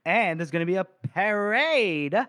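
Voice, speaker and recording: A man's voice: high voice, lively intonation, measured pace, sharp tone, pitched above the performer's own voice, full character voice. A man putting on a gushing, sassy young noblewoman. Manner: campy, gossipy.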